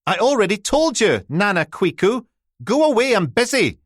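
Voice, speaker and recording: A petulant teenage girl snapping back through a closed door, as a male narrator voices her. The pitch sits well above his own and the delivery is loud and sharp. The recording is dry and close. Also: sing-song, normal speed, dry recording. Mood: stroppy.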